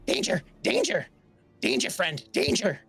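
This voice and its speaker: A man's voice: sits high, wildly swooping pitch, a little slow, creaky, a bit bright, breathy edge, faint music behind, exaggerated voice. A man voicing a timid male creature companion who speaks in broken, repeated warnings. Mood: alarmed.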